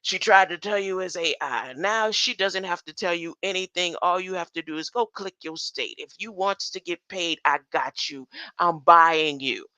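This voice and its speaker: A woman's voice: lowish voice, normal speed, bright, forceful tone, no echo. An older woman talking in a rambling monologue, often stopping to ask "huh?" and chuckling between thoughts. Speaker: online commentator.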